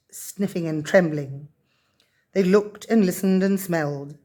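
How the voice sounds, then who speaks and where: A woman reading a children's story aloud in a gentle, even storybook manner. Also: lowish voice.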